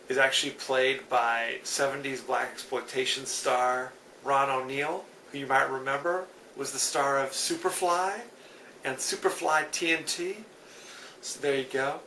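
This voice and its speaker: A man's voice: medium pitch, creaky, sharp tone. A man hosting a solo movie review podcast, talking casually with dry, wry asides. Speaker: podcast host. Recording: echoey room, distant mic, faint hiss.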